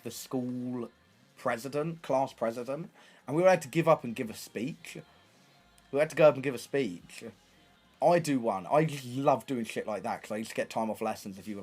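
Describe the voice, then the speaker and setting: A young man telling casual stories to his livestream chat, animated and swearing freely. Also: mid-range voice. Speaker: streamer.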